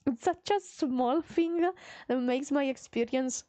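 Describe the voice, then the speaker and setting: A young woman with a high voice chats casually and playfully with viewers during a live stream. She's recorded close up on a dry mic at home, with no room sound around her. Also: takes it slowly, warm tone, dry recording. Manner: chatty, reads chat aloud, playful.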